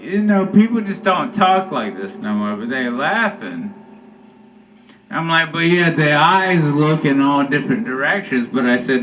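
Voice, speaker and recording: A man's voice: mid-range voice, a bit bright, recorded from a distance, highs cut off, a little hiss or hum. A man doing a stand-up comedy set, telling rambling, profane stories.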